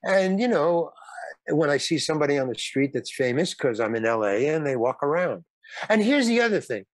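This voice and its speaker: Older man, fairly high voice, rambling storyteller, halting restarts, dry close sound. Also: sing-song, no room sound. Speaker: guest. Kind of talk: casual storytelling.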